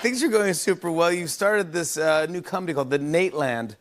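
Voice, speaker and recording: A man's voice: a little high, a little fast, heavy background noise. A man hosting a talk show, asking questions in an upbeat way.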